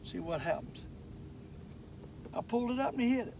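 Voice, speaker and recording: Older man, fishing vlog host; folksy, excitable, high-pitched, recorded on a lake with boat noise, mic at a distance. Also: normal speed, gravelly. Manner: folksy, excitable, talks straight to viewers. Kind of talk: casual fishing vlog narration.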